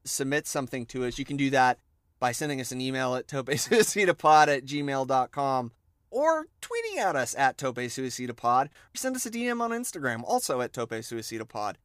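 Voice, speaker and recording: Man, podcast cohost, smooth clear voice, dry close sound, deadpan jokes. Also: mid-range voice, normal speed, dry recording. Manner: dry, mock-serious jokes. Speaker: podcast co-host. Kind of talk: casual podcast banter.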